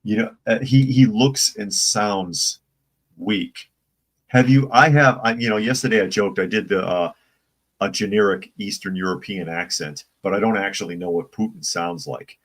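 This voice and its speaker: Man, very low voice, casual stream host, opinionated, rambling, reads chat aloud. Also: moderate pace. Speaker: political commentary channel host. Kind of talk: casual live-stream commentary.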